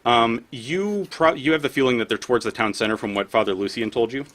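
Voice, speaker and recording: A man running a tabletop game as game master, narrating haltingly with many fillers. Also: medium pitch, fairly bright tone. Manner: hesitant, many fillers, narrates and voices townsfolk.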